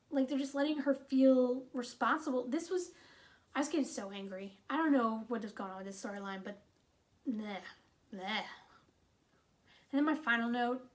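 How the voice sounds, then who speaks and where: A woman giving a casual, chatty movie review, retelling the plot with animated, exasperated asides and lots of "like". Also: a little high.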